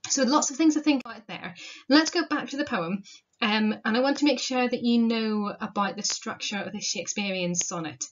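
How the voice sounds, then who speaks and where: A woman's voice: a little high, normal speed. Woman teaching a poem on dull audio. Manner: explanatory, asks rhetorical questions, casual fillers. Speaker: literature teacher. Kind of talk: recorded poetry lesson.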